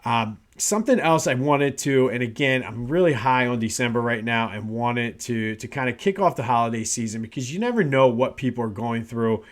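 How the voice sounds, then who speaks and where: A man's voice: medium pitch, moderate pace, few pauses. A man in his thirties hosting a casual solo sports podcast, chatty and rambling, with frequent fillers and restarts. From Philadelphia area. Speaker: podcast host. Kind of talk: casual solo talk show.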